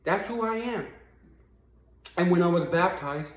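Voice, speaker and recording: Man, fairly high voice, casual motivational storyteller, lots of "you know", reverberant room. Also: expressive, measured pace. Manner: conversational, many fillers like "you know"; rises high and emphatic when driving a point home. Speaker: speaker of a recovery talk. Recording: echoey room.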